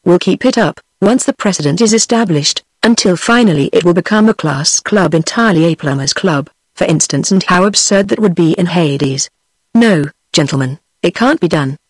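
A text-to-speech woman's voice with a British accent reading the lines of a witty, pompous old male doctor in a flat, even manner. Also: lowish voice, normal speed, slightly rough, no room sound. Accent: British English.

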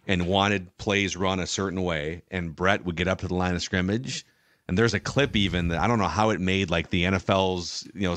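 Very low male voice; host who reads questions and recounts past seasons, dry close mic. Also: a bit bright, dry recording. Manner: measured, recounts stories as a former reporter. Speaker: podcast host reading listener questions. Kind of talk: casual podcast chat.

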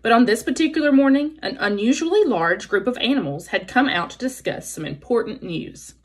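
A woman teacher reading a children's book aloud, with an expressive storytelling manner. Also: on the high side, brisk, slightly rough.

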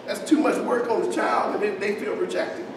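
A pastor preaching a sermon in a conversational way, with joking asides to the congregation. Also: male voice, high voice, a little fast, gravelly. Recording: echoey hall, distant mic, faint hiss.

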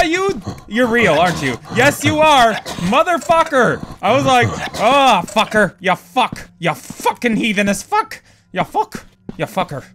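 A man with a high, bright voice narrates his horror game playthrough in an unhurried drawl. He swears freely and yells at the game in panic when things go wrong. Faint music plays behind his commentary. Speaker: gamer playing a horror game. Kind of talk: let's play commentary.

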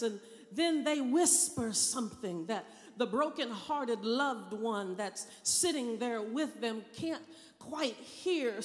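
A woman preacher delivering a Good Friday sermon, calling on the congregation for responses and rising to loud cries. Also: fairly high pitch. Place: large church. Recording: long church hall reverb.

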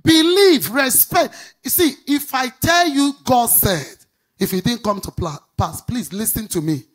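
A woman's voice: a little high, sing-song. A Nigerian woman pastor preaches with a lilting, sing-song delivery, stretching out the words she stresses. She keeps tossing questions to the congregation and waits for them to call back the answers. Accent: Nigerian English. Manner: emphatic, drawn-out stressed words. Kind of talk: preaching sermon with call-and-response.

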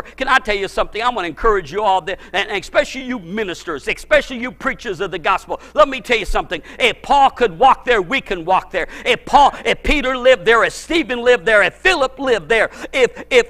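Man, middle-aged, pastor, fervent sermon, very high voice, bright and forceful, quiet to shouting, repeats words. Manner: repeats words when building a point.

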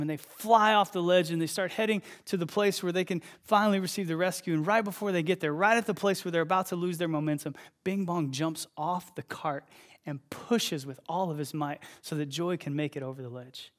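A young man preaching a sermon as pastor, telling stories with energy and loud bursts of emphasis. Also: a little high, fairly quick.

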